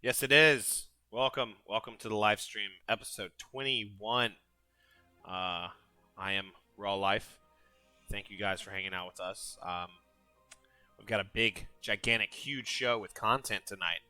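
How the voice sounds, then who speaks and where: Male stream host, bright and upbeat, dry close-mic sound. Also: fairly low pitch, measured pace, no room sound, faint music behind. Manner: energetic, hyping up the chat. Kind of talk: casual gaming stream chat.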